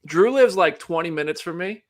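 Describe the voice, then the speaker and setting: A man hosting a live show, chatting casually and joking, rambling with quick restarts. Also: sits high, animated. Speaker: host.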